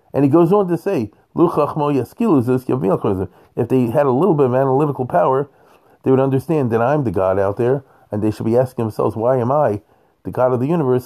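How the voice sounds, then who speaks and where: A man leads a Torah class in an easy, digressive way, often breaking off to check that his listeners are following. His voice sits at a middle pitch with a dark, mellow tone, and he chuckles now and then between points. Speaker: Torah teacher. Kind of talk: conversational scripture class.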